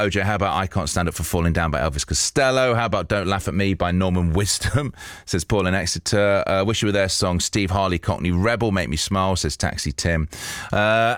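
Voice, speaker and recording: A man with a very low voice hosts a radio show, chatting casually and reading out messages from listeners. He sounds close and dry on a studio microphone, with no room around him. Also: fairly bright tone, smooth, no echo. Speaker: radio presenter.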